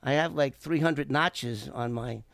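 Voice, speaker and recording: A man's voice: medium pitch, unhurried, vocal fry, dry recording, clean studio sound. A middle-aged man, telling a story as an interview guest and acting out the voices of the people in it. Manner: animated, acts out quoted voices. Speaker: guest, former FBI informant. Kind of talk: casual storytelling.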